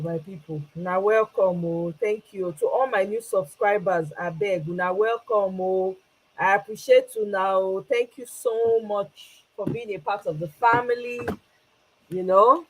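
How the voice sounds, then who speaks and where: A woman's voice: mid-range voice, unhurried, slight background noise, poor audio. A Nigerian woman hosting a casual livestream, greeting viewers by name and switching between English and Pidgin with frequent laughs. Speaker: livestream host.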